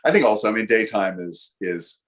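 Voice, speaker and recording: A middle-aged American man, a guest actor, telling lively anecdotes in a casual interview with frequent fillers. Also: fairly low pitch, a little fast. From United States.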